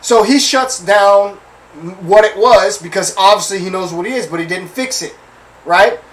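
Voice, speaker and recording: A man's voice: sits high, normal speed, a bit bright, rough recording. A male host casually telling a personal story to his listeners, chatty and full of slang.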